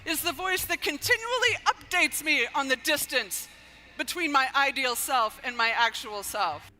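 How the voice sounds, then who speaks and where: A woman giving an earnest inspirational speech, measured and softly emphatic. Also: high-pitched, animated, soft background music. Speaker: speaker giving an inspirational talk.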